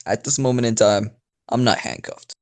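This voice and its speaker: A man's voice: medium pitch, moderate pace. A man telling an improvised story in a rambling, profane, casual way, with frequent laughs. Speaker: storyteller YouTuber.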